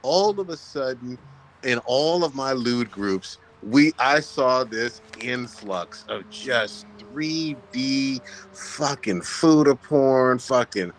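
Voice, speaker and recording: A man's voice: mid-range voice, expressive, takes it slowly, a little hiss or hum, poor audio. A man co-hosting a casual gaming podcast, telling crude stories with emphasis and drawing out words for effect. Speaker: podcast co-host.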